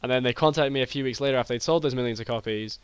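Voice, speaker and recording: A British man co-hosting a podcast, telling an improvised comic story in a rambling, deadpan way full of fillers. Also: medium pitch, racing, smooth, no room sound. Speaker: podcast co-host.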